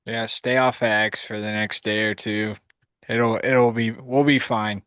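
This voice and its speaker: A man's voice: lowish voice, little pitch movement, measured pace, fairly bright tone, clear, resonant tone, no room sound. A man co-hosting a live sports podcast, laid-back and easygoing, often laughing along with his partner. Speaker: podcast co-host. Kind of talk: live postgame sports chat.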